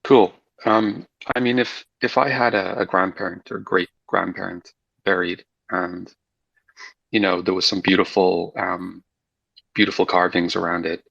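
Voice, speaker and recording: A man's voice: low voice, fairly even intonation, unhurried, gravelly, fairly bright tone, breathy edge, dry recording. A man in casual group chat, speaking hesitantly as he thinks aloud. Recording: dry lo-fi audio.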